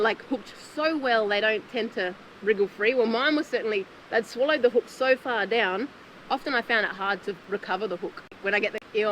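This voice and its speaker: A woman's voice: a little high, a little fast, a bit bright, low-quality recording. A woman talks through a recap in a chatty, heartfelt way, breaking into small laughs. She sounds like she is outdoors in nature, with faint noise behind her. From Australia. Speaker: former contestant recapping the show. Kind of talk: casual reflective recap.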